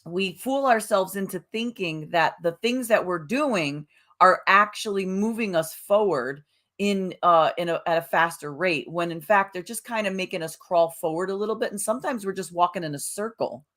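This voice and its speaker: A woman co-hosting a motivational podcast in a relaxed, conversational way, with fillers and restarts. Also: fairly low pitch, moderate pace. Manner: conversational, with fillers and self-corrections. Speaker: podcast co-host. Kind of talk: casual motivational chat.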